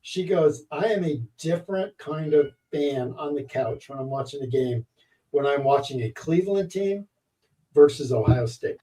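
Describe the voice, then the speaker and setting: Laid-back guy hosting, mellow voice, kinda far from his mic. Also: on the high side, lively intonation, moderate pace. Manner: easygoing, steers the conversation back on track. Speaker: host. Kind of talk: casual chat. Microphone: remote call mic.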